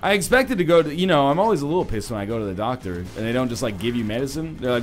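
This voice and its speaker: A man's voice: medium pitch, lively intonation, racing, soft background music. A man co-hosting a gaming stream, wordy and sardonic, with an irritated throat. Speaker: streamer co-host. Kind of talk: casual gaming chat.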